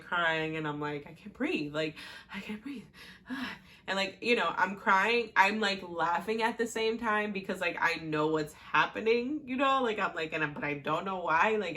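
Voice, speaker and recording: Chatty young woman with a low voice. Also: moderate pace, sharp tone. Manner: chatty, many fillers and laughs. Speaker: podcast host. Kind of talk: casual personal storytelling.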